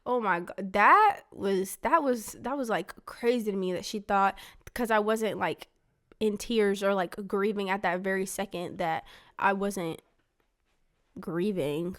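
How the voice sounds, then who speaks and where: A young woman with a smooth, clear voice tells a story to her father in an easygoing family conversation. She rambles, filling her speech with "like" and retelling what others said in quoted dialogue. Her voice sits at an ordinary middle pitch. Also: measured pace, fairly bright tone. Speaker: daughter talking with her father.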